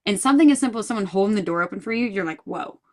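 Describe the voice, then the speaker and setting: Woman, podcast guest, casual interview chat, earnest, thoughtful, mid-pitched. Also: lively intonation, racing, a little mellow. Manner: earnest, thoughtful, restarts often.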